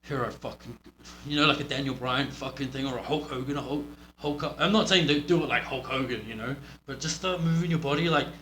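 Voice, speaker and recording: A man's voice: medium pitch, quick pace, sharp tone. A man with a New Zealand accent, a pro wrestler giving a blunt, profane critique of a match. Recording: roomy echo with faint hum.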